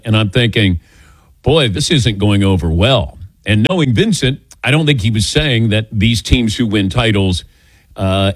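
A sports radio host with a lowish voice talks in a chatty, teasing way. He sounds easygoing. The room is dry and close. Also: dry recording. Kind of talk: casual radio talk.

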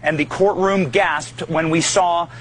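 A man giving emphatic broadcast commentary, forceful and insistent with rhetorical questions. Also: a little high, fairly even intonation, unhurried, a little hiss or hum.

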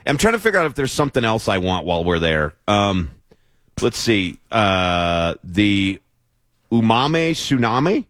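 Man, radio talk host, lively pitch, playful skeptical banter, dry studio sound. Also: unhurried, dry recording. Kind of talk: casual on-air banter.

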